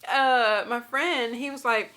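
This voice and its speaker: Bright-voiced woman sharing lively testimony. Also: fairly high pitch, takes it slowly. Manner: lively storytelling, talks straight to viewers; laughs through her stories. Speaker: faith and finance vlogger. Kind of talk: casual personal testimony.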